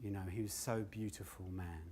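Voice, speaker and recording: A man's voice: fairly low pitch, fairly even intonation, a little fast, dark tone, a little hiss or hum. An older man telling stories on stage, loose and sweary, often laughing at his own tales. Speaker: storyteller and comedian. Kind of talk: live standup storytelling.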